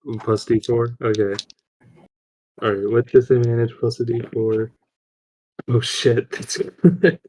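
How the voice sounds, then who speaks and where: A man's voice: mid-range voice, level tone, unhurried, pauses often, warm tone, a little hiss or hum, poor audio. A man playing a tabletop game, casually talking through his rolls with some hesitation. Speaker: player.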